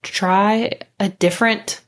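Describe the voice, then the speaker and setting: A woman's voice: medium pitch, steady tone, slow pace. A woman podcast host telling a story in a candid, chatty way, with casual swearing and bursts of speed.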